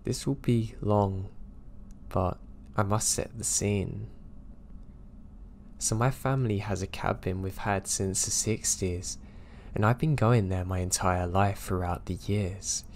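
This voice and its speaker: A man with a somewhat low voice narrates first-person horror tales in a steady, low-key manner. The recording carries a faint background ambience under his voice. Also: takes it slowly, a little hiss or hum. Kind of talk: scripted narration of listener stories.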